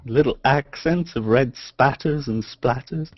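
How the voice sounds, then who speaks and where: A man's voice: mid-range voice, a little slow, very noisy. A man making dry joking remarks in a group call, over dull, dry lo-fi audio. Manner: dry quips.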